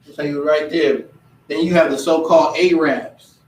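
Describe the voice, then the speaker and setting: A man giving a casual religious teaching, animated and often mimicking other people's voices. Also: on the high side, normal speed. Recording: echoey room, distant mic.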